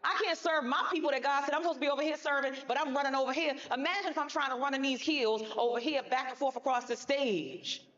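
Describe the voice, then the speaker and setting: A woman's voice: sits high, fast talker, few pauses, fairly bright tone, lo-fi sound. A woman giving a motivational speech on a conference stage, emphatic and colloquial, talking straight to the audience. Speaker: motivational speaker.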